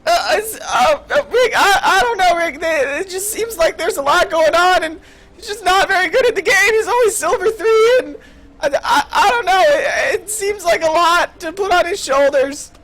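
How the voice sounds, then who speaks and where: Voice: extremely high pitch, normal speed, fairly bright tone, voice pushed up. A student caster doing an impression of an anxious, stammering teenage boy who whines on the verge of tears. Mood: panicky whining. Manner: stammering, whiny, near tears.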